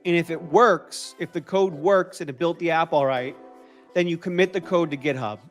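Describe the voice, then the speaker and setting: At normal speed and in a slightly high voice, a New York man with a mixed New York and Boston accent hosts a casual livestream. He stays upbeat, repeats phrases, and responds to viewers' comments over faint background music.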